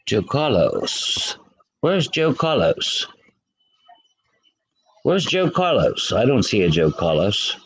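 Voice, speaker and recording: A man's voice: fairly low pitch, very animated, slow pace, long pauses, slightly rough, low-quality recording. A man hosting a casual livestream, chatting with viewers by name and laughing often. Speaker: livestream host.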